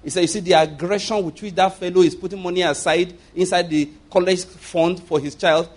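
A middle-aged Nigerian man delivering a sermon, his voice sitting a little higher than most men's. He preaches in a loose, conversational way, repeating phrases for emphasis. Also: fairly even intonation, brisk. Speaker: pastor.

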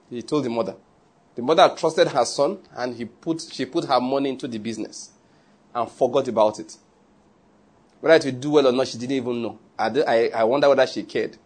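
A man preaching a sermon through an animated story with side remarks. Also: medium pitch, brisk.

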